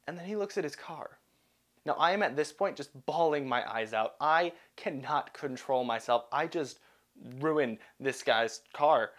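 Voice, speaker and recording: A young man narrating a personal story in an animated, self-deprecating way. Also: fairly high pitch, measured pace.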